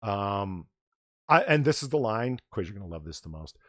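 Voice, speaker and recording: Sarcastic animated male stream host. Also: on the low side, moderate pace, no room sound, clean studio sound. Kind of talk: casual livestream chat.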